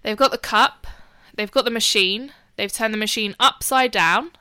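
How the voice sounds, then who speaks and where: A young woman in her twenties telling a story in a casual chat, animated and swearing as she retells it. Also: fairly high pitch, normal speed, clear, resonant tone, no echo.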